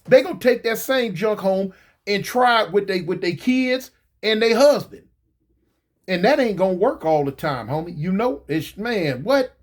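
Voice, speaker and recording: High-voiced man telling a rambling story. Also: expressive, moderate pace. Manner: slangy, rambling, repeats phrases. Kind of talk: casual personal storytelling.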